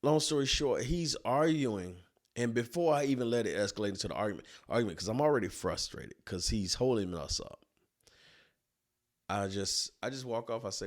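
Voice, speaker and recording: A man and business owner telling a personal story in a colloquial, animated storytelling way. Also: medium pitch, normal speed. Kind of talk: storytelling talk.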